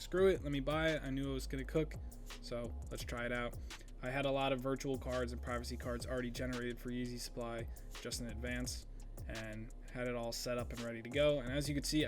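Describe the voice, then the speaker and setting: A young man narrating his own screen recordings in a relaxed, chatty voiceover, often pausing on ums. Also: mid-range voice. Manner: relaxed, conversational, with frequent ums. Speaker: sneaker botting YouTuber.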